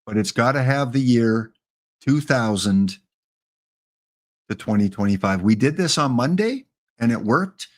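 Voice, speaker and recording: A man hosting a live game stream, chatting casually with viewers by name and reading out the rules. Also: medium pitch.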